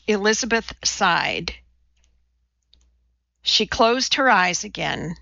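A woman narrating a novel in a measured, dry manner. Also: medium pitch, vocal fry, bright, forceful tone, dry recording, muffled recording. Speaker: audiobook narrator. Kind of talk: audiobook narration.

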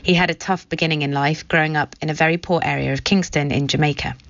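A woman presenter with a low voice reads a scripted introduction in a measured, clear way. The recording is dry and a touch dull. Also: steady tone, fairly bright tone, dry recording. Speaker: radio presenter. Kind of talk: scripted narration and interviewing.

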